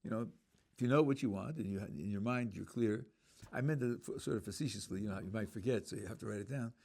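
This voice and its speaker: A man's voice: fairly low pitch, quick pace, gravelly, darkish tone. A man, a rabbi, teaching a Torah class in an explanatory way, thinking aloud with fillers and restarts. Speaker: rabbi lecturer.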